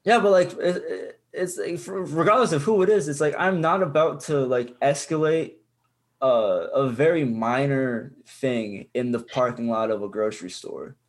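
A man's voice: medium pitch, normal speed. Rambling young man telling a story. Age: young adult. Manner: rambling, profane, full of "like" and restarts. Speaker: podcast co-host. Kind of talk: casual chat.

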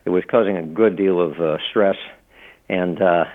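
A middle-aged man speaks in a fairly low voice, telling stories in a loose, rambling way full of fillers and restarts. He is a guest in a casual interview. The sound is thin and tinny, as if coming down a phone line. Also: normal speed. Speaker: author and law professor, guest.

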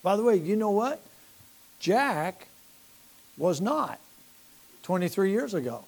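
An older man, a pastor, telling church-planting stories in a folksy, animated sermon with laughs and asides. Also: sits high, takes it slowly, gravelly. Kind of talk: sermon storytelling.

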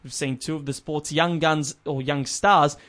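A young man hosts a casual chat about sport. His voice sits a little high, and he rambles on, circling back with restarts and fillers. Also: steady tone, moderate pace, a bit bright. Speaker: podcast host.

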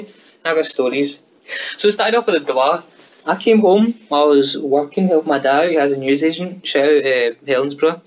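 A young man hosting a casual podcast chat, teasing his guest and laughing often. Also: on the high side. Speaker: podcast host. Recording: dull lo-fi sound with faint noise.

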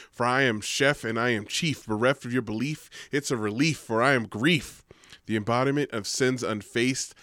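A man who co-hosts a podcast, reciting a spoken-word poem with a forceful rhythm and then chatting casually with plenty of profanity. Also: lowish voice, no room sound, clean studio sound. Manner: rhythmic, forceful delivery in the poem; profane, laughing banter in chat. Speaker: podcast co-host.

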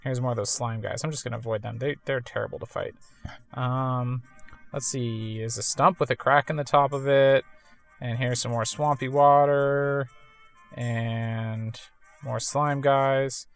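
Low-voiced woman chatting through a game. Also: fairly even intonation, a little slow, soft background music. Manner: chatty, rambling, self-amused. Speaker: let's-play gamer. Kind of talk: casual game commentary.

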